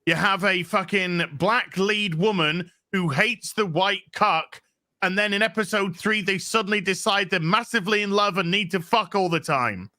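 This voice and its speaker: A man's voice: high voice, moderate pace, bright, forceful tone, no echo, studio quality. A man co-hosting a casual podcast chat, ranting sarcastically and swearing often. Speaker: show co-host.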